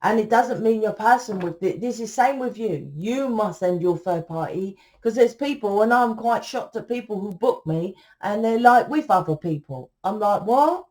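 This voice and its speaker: A woman's voice: medium pitch, animated, moderate pace, few pauses, a little mellow. Blunt, tired woman reading tarot. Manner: blunt, swears freely, acts out quotes. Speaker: tarot reader. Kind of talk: casual tarot reading to camera.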